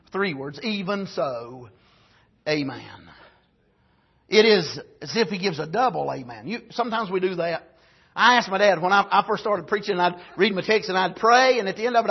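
A man preaching a sermon, swinging from shouted exclamations to low, quiet asides. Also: slightly rough, muffled recording.

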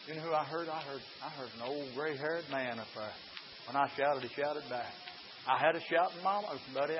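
A preacher, delivering a fiery revival sermon, folksy and hollering in bursts, sometimes out of breath. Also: male voice, a little high. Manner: shouts and hollers in bursts, folksy, runs laps while preaching. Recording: dull lo-fi recording with faint hiss.

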